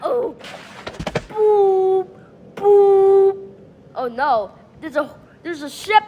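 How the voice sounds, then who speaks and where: Woman, very slow-talking, goofy game storyteller full of silly noises; noisy take. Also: very high voice, lively intonation, muffled recording. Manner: goofy, full of sound effects and exclamations. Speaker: gaming channel creator. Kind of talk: playful sandbox game storytelling.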